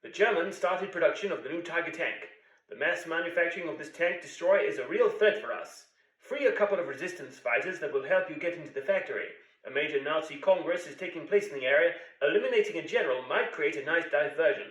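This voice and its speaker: A man putting on a brisk 1940s British briefer. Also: a little high, expressive, fairly bright tone, reverberant, recorded from a distance, low-quality recording. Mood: briefing. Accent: put-on 1940s British.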